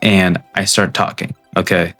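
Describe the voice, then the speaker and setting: A young man with a low voice rants about gaming in a blunt, cursing, rambling way. He keeps checking in with "right?" as he goes, talking straight to his viewers. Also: flat delivery, a little slow, fairly bright tone, faint music behind. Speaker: gaming video creator. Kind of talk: casual gaming rant.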